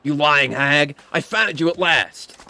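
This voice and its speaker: A man's voice: mid-range voice, very animated, fairly quick, breathy edge. A man voicing an angry, hotheaded young man who feels cheated. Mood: furious. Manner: shouting, furious.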